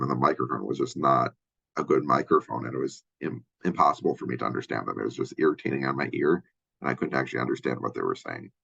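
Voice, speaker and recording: A man from Minnesota with a Minnesotan accent and a deep voice, giving a casual college lecture full of fillers and restarts. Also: gravelly, fairly bright tone, husky, dull audio. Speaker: college instructor. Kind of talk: lecture overview of a textbook chapter.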